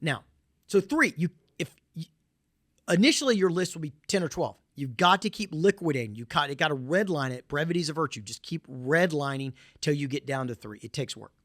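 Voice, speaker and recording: A man's voice: on the high side, lively intonation, brisk, a bit bright, dry recording, studio quality. A middle-aged man with a Southern US accent, giving a conference presentation in an emphatic, repetitive way with folksy asides.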